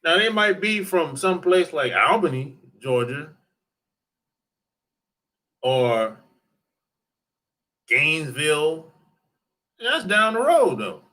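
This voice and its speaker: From his home in Atlanta, a dating advice YouTuber chats loosely with livestream viewers, answering them while rambling, repeating himself, and swearing. His voice is a little high, bright, and forceful, with big pitch swings, a slow pace, and long pauses.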